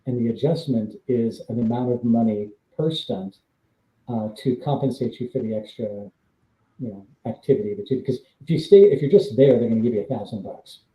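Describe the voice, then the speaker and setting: Man telling stunt stories in a dark voice. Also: medium pitch, brisk, echoey room, rough recording. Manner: rambling anecdotes with fillers, laughs between lines. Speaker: guest, former stunt double. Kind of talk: casual storytelling on a live stream.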